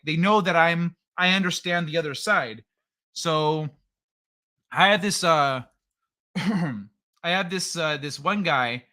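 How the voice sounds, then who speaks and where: A man with a bright, forceful voice that sits a little high, talking loosely to his chat on a livestream. He rambles, restarts his sentences and swears as he reacts to messages. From California. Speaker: livestream host reading chat.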